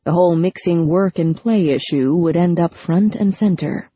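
A woman reading a novel aloud as audiobook narrator, in steady, even storytelling. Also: fairly low pitch, normal speed, slightly rough, no echo. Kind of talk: scripted narration. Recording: dull lo-fi recording.

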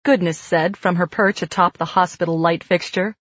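A woman reads a novel aloud with calm, steady pacing in a lowish voice. The recording is dry and slightly dull. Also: normal speed, dry recording. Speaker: audiobook narrator. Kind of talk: scripted narration. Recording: dull dry studio read.

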